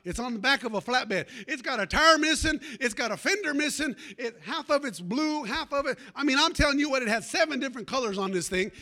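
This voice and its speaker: High bright-voiced fervent male preacher. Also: expressive, brisk, few pauses. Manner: fervent, calls for amens, folksy storytelling. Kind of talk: sermon with personal story.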